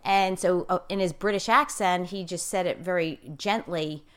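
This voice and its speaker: A woman life coach talks casually in a lowish, clean, fairly bright voice at a moderate pace. She speaks emphatically and repeats key phrases for stress, calling herself an outspoken, in-your-face talker.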